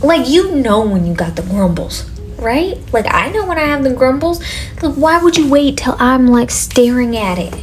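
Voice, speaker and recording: A woman's voice: high voice, animated, moderate pace, soft background music. A woman waxing technician telling a work story in a blunt, exasperated, cursing way. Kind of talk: casual storytelling.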